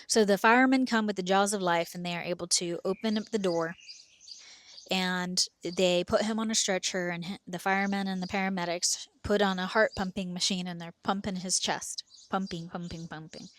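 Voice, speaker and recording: A woman's voice: on the low side, fairly even intonation, normal speed, slight background noise. Earnest woman telling a true story. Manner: vivid present-tense telling, earnest. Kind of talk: personal story told to camera.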